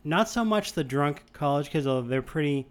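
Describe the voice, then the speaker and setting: A young man from the Boston area, USA, tells a long anecdote in casual conversation, rambling and animated with many restarts. His voice is a little high and his pace a little fast.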